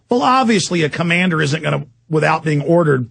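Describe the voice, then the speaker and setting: A man's voice: fairly high pitch, expressive, a little fast, gravelly, hardly any pauses, slightly rough, no echo. A man hosting talk radio, delivering an insistent, escalating monologue. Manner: fervent, insistent, escalating into shouting. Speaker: radio talk show host.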